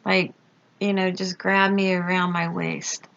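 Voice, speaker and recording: A woman slowly recounting a personal experience, halting with fillers and pauses. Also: fairly low pitch, level tone, gravelly, fairly bright tone. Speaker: storyteller recounting a near-death experience. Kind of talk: slow personal testimony. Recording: dull lo-fi recording.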